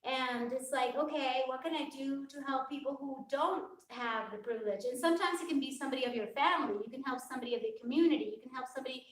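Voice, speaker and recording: High-voiced woman coaching on a live stream. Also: fast, few pauses. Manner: earnest rambling with fillers like "it's like". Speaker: fitness coach. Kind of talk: casual live-stream talk. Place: home workout space with a yoga mat. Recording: roomy echo from a distant mic.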